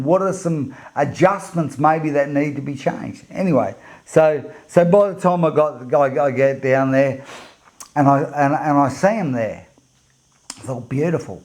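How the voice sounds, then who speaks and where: A man's voice: fairly high pitch, darkish tone. A middle-aged man from Australia, a men's coach telling a story in a motivational talk, rambling, repeating words and laughing as he goes. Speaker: men's coach and podcast host.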